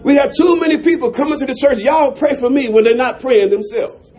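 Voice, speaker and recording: High-voiced man preaching a sermon. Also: brisk. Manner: preaching with rising shouts and chuckles. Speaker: pastor.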